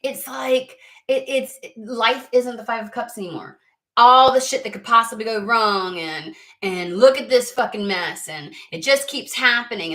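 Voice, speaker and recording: A woman's voice: a little high, a bit bright. Frank, profane woman giving a tarot reading. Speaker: tarot card reader. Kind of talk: casual tarot reading to camera.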